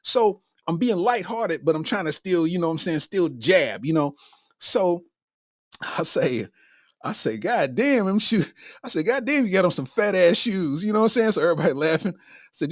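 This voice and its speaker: A man's voice: sits high, normal speed, no room sound. Guy telling a funny story, voice jumping all over, dry close mic. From Kentucky. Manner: animated, acts out his own reactions. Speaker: comedian host. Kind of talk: casual storytelling.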